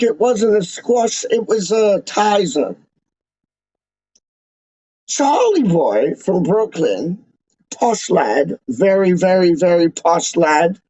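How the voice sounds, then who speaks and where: A man hosting a livestream as a self-styled, snobbish Englishman, rambling slowly in pompous rhyming nonsense. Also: high voice, warm tone, dry recording, exaggerated voice. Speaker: livestream host. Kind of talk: comic in-character livestream ramble. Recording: dull, lo-fi, dry sound.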